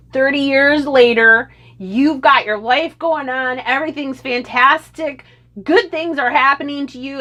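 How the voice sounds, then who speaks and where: A woman's voice: sits high, a bit bright. A woman delivering an indignant, sarcastic opinion rant and lecturing her listeners. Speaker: political commentator.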